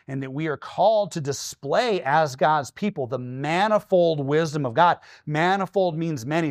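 A pastor in his forties from Washington state preaching a sermon, telling stories with lively, acted-out quotes and often checking in with "okay?". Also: a little high, no room sound, clean studio sound. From Washington state, USA. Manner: animated storytelling, acting out his own quoted lines.

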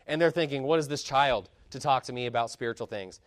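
A man preaching a sermon with passion, building to loud emphatic peaks and dropping into low, quiet asides. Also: fast talker, no room sound, clean studio sound.

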